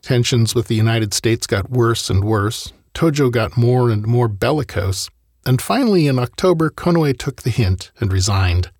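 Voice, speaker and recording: Brief: male history narrator, raspy with some fry, close and dry, wry in tone. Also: mid-range voice, animated, normal speed, darkish tone, no room sound. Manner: wry, conversational asides. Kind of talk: scripted narration.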